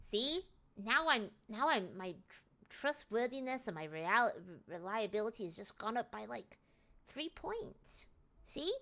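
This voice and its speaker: A woman from northern England chatting casually on a live stream, excitable and rambling, with faint music behind. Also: fairly high pitch, unhurried.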